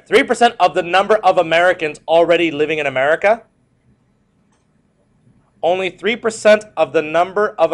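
A man teaching a history lecture to a class, repeating key points and joking with students. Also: a little high. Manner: repetitive, animated, joking asides to students.

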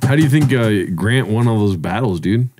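A man's voice: lowish voice, expressive, normal speed, background noise. A man co-hosting a comedy podcast, cracking crude jokes in slangy, dude-heavy talk. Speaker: podcast co-host. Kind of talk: casual comedy chat.

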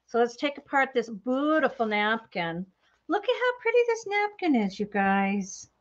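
A woman's voice: a little high, big pitch swings, unhurried, muffled recording. A woman hosting a crafting livestream, chatting casually with viewers in a bubbly, chatty way and laughing often. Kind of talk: casual chat with live viewers.

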